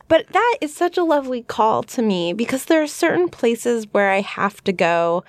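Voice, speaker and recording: A woman's voice: a little high, big pitch swings, unhurried, no echo. Earnest female podcast co-host, dry sound. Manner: earnest, openly reflective. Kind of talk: casual reflective discussion.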